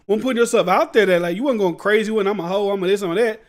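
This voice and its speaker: Fast-talking high-voiced man riffing bluntly. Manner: blunt, rambling, slangy street talk. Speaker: podcast host. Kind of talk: casual commentary.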